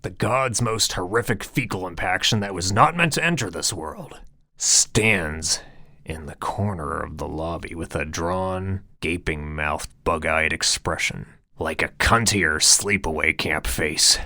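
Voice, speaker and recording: A man's voice: deep voice, measured pace, bright, forceful tone, no echo, studio quality. A man narrating a comedic story in a grandiose, mock-heroic, theatrical way. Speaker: audiobook narrator and author.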